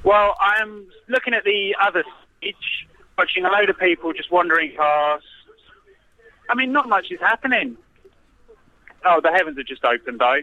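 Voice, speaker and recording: A man calling in from a festival, relaxed and a bit tipsy, speaking over a phone line. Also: sits high, moderate pace, pauses often, no room sound. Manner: tipsy, laid-back. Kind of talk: casual phone chat.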